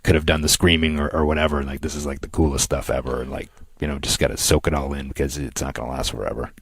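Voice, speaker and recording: A man with an extremely deep voice co-hosts a podcast in easy, casual chat. He tells stories with animation, then sinks into a quiet murmur when he turns reflective. The sound is close and dry. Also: level tone, fast, slightly rough, dry recording. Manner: storytelling, drops to a near murmur when reflective. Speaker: podcast co-host.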